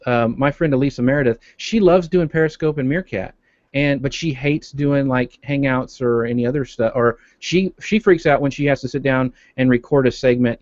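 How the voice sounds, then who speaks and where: Relaxed man on a dry, muffled call. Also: medium pitch, dry recording. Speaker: panelist. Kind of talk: casual panel chat.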